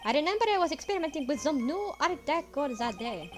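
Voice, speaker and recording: A woman's voice: high-pitched, very animated, fast, pitched above the performer's own voice. Woman putting on a flamboyant French chef man. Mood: theatrical. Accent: put-on French. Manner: gushing, sprinkles French words. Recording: game music playing behind.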